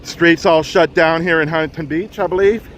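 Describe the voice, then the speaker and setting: Brief: out-of-breath man, live street news streamer, urgent halting commentary, slightly high voice, faint outdoor noise. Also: steady tone, a bit bright. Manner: urgent, halting, repeats himself. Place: outdoors on a freeway bridge. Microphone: phone.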